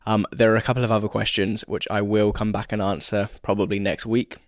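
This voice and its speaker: Hoarse man musing on a podcast. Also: on the low side, flat delivery, a little fast, no echo, studio quality. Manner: reflective, candid, rambling. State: hoarse, losing his voice. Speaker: podcast host. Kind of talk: solo podcast talk.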